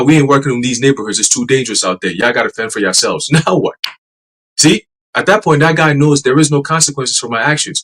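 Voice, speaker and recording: A man's voice: on the high side, fairly bright tone, breathy edge, low-quality recording. A man hosting a religious podcast, preaching in a casual, profane and emphatic way.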